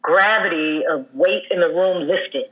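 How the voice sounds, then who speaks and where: A woman in her thirties speaks as a guest, telling a deeply personal story in a candid, conversational way. She pauses often, restarts her phrases and leans on fillers. The recording sounds a little muffled and lo-fi. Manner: earnest and halting, with many fillers and restarts.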